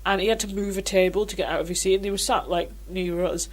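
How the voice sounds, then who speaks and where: A woman, co-hosting a casual chat podcast and telling animated, laughing stories. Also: mid-range voice, fast talker. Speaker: podcast co-host.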